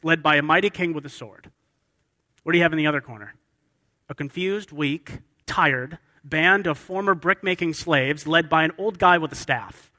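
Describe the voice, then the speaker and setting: A man's voice: on the high side, bright, forceful tone. A man preaching a sermon with emphasis, often asking his listeners questions. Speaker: pastor. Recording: long hall reverb.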